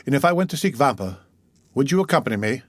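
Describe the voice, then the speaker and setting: A man reading an audiobook, voicing a mysterious, wealthy nobleman who speaks in a measured, commanding way. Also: medium pitch, animated, no room sound, studio quality, lightly acted. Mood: calm. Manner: measured, composed, authoritative.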